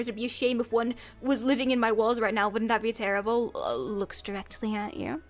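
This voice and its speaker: A woman's voice: on the high side, a little fast, few pauses, faint music behind. A woman performing a mock-dramatic comedy skit as a streamer, theatrical and giggly. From United States.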